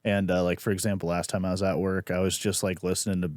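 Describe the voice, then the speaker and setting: Comic, man, laid-back podcast banter, voice drops low mid-story, dry mic. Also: little pitch movement, quick pace, a little mellow, dry recording. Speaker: stand-up comic and podcast co-host. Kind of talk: casual comedic banter.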